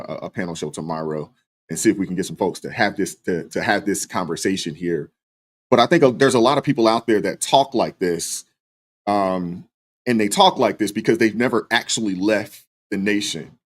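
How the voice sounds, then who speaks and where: A man hosting a live stream, reading viewer super chats and talking through them in a relaxed way, with lots of fillers. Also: sits low, brisk. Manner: relaxed, many fillers, thanks viewers by name. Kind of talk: casual live stream commentary.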